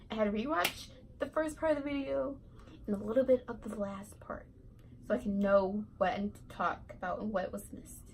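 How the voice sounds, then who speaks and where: A woman's voice: medium pitch, a little hiss or hum, low-quality recording. A teenage girl vlogger telling a casual storytime, rambling and giggly, full of "like" and "right". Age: teens.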